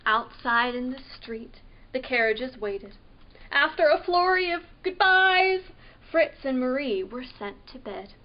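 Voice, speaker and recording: Slow, high-voiced woman reading to children. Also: dull audio. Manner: slow, expressive, with questions to listening children. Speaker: librarian reading a story.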